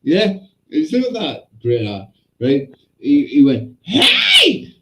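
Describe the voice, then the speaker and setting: Guy telling a story, loud and animated, swears a lot, voice bounces around. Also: mid-range voice, slow, heavy background noise. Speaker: podcast co-host. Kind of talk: casual chat, storytelling.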